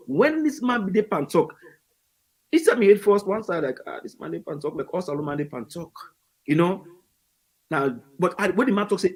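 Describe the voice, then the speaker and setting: A Sierra Leonean man with a husky, worn voice that sits a little high. He talks with excitement on a talk show, slipping between Krio and English as he tells his story. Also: fairly quick, poor audio. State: hoarse after losing his voice. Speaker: guest, party supporter.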